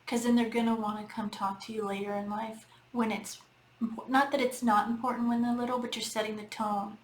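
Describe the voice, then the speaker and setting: A woman's voice: fairly high pitch, flat delivery, a little fast. A middle-aged woman, a healing coach, giving casual spoken advice in an earnest, repetitive way, talking straight to her listeners. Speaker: healing coach and podcast host. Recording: echoey room with faint background noise.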